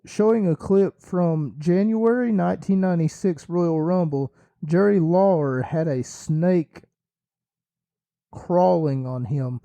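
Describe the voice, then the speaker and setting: A man hosting a solo wrestling podcast, rambling and correcting himself with jokes, his voice a little hoarse. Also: high voice, slow, mellow, dry recording. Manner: rambling, self-correcting, jokey. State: slightly hoarse, losing his voice. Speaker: podcast host.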